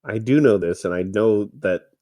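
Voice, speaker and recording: A man co-hosting a comedy podcast, making rambling deadpan jokes about an old movie. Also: fairly low pitch, normal speed, dry recording, clean studio sound. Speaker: podcast co-host. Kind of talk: casual movie riffing commentary.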